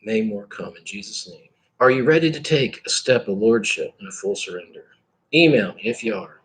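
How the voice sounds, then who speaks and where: A man rambling through a reflective spiritual monologue, halting and restarting, breaking into bits of song and laughter. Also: lowish voice, expressive, husky. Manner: meandering, halting, with bits of sung lyric and laughter. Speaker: vlogger.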